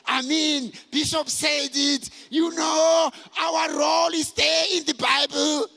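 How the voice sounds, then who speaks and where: A middle-aged man telling personal stories to a conference, animated and shouting for emphasis. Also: extremely high pitch, slow pace, vocal fry, faint music behind. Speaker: conference speaker. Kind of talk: motivational talk to men. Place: large conference hall. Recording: hall reverb.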